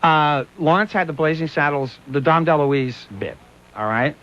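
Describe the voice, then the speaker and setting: A man hosting a radio show, telling stories in a casual, animated way and slipping into voices, heard on a dull lo-fi broadcast recording. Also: on the high side, moderate pace. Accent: Pittsburgh. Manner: animated, laughing, doing voices in quoted bits. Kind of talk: casual on-air storytelling. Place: radio studio.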